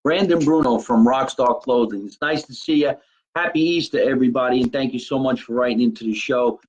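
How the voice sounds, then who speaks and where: A man from New Jersey hosting a casual live podcast, talking in an animated way. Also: medium pitch, fairly quick, dull audio. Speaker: podcast host.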